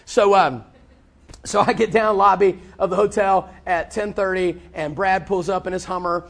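A man preaching, telling a story with animated, repetitive delivery and acted-out dialogue. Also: sits high, normal speed, gravelly. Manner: animated, repeats words, acts out dialogue. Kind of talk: sermon storytelling.

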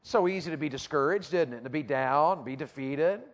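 A man preaching a sermon, questioning the congregation and reading scripture slowly and deliberately. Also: on the high side. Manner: call-and-response, asking the crowd questions. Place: church auditorium. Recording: reverberant hall.

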